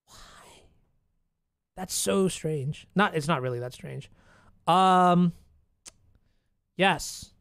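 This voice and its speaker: A streamer giving casual live commentary on their own card game, muttering, swearing and breaking into excited outbursts. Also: mid-range voice, takes it slowly, vocal fry, pauses often, clean tone, dry recording, clean studio sound. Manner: chats to chat and opponent.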